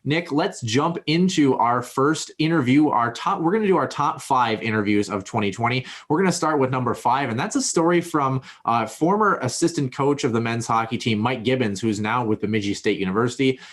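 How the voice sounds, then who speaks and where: A man's voice: medium pitch, animated, brisk, hardly any pauses. A man hosting a podcast, teasing his co-host and introducing the next interview in a chatty way. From Minnesota. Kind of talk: casual chat and show introduction.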